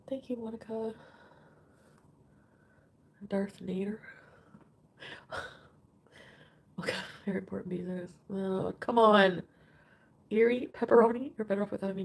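A woman's voice: mid-range voice, vocal fry, darkish tone, a little hiss or hum. A woman live streaming, reading out viewer comments in an emotional way and swearing often.

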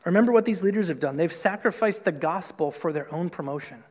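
High-voiced preacher in a reverberant church. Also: male voice, expressive, brisk, a little mellow. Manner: conversational, lots of "like" and "right?"; acts out quoted voices with big pitch jumps. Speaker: pastor. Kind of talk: sermon. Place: church sanctuary. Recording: long hall reverb in a church.

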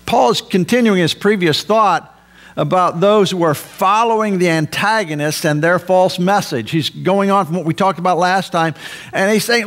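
A man preaches from the pulpit with a high voice and a gravelly edge. He pushes hard on key points and drops low for asides. A faint hum runs behind him. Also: normal speed, soft background music. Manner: emphatic preaching, rising for stress and dropping low for asides. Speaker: pastor. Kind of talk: sermon.

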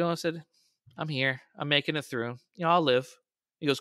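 A man's voice: mid-range voice, fast talker, bright, forceful tone, no echo, studio quality. A man, a podcast guest, telling a story in casual conversation and raising his voice when quoting people.

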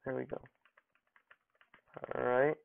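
Speaking slowly in a level, creaky, medium-pitched voice, a young man who runs a gaming channel narrates his gameplay casually and teases opponents with mock-dramatic taunts. The sound is dry and phone-like narrow.

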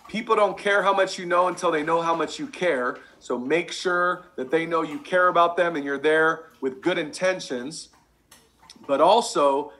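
Fired-up, bright-voiced male sales trainer. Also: high-pitched. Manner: fired-up, emphatic, repeats key lines. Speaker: sales trainer presenting slides. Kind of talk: motivational sales training talk.

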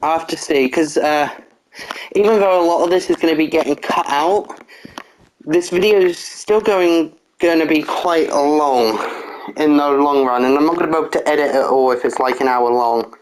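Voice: medium pitch, moderate pace, slight background noise, low-quality recording. Methodical voice talking through a build. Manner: methodical step-by-step instructions, counting blocks aloud, frequent "uh"; apologetic, corrects own slips. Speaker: building tutorial narrator. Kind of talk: casual game-building walkthrough voice-over.

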